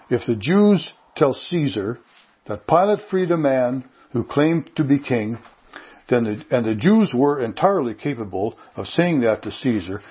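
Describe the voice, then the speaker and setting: A man's voice: mid-range voice, breathy edge, highs cut off. A man preaching a sermon in an earnest, emphatic way, repeating his key points. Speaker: pastor.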